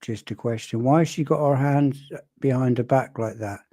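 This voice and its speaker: Male commentator, casual and wry, mellow tone, dry close sound. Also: medium pitch, dry recording. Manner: conversational, wry, with pauses and restarts. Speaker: commentator analysing a video clip.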